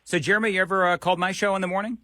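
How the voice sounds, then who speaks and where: A man's voice: sits high, fairly even intonation, very fast, pushed and bright, slight background noise. An American man hosting political talk radio, emphatic and repeating phrases as he comments. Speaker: radio talk show host.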